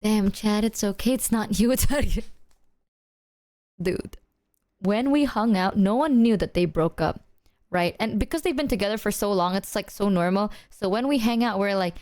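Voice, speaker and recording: Chatting casually with her viewers, a young woman streamer tells animated stories full of slang and swearing, acting out what her friends said. Her voice sits in the mid-range and moves a little fast.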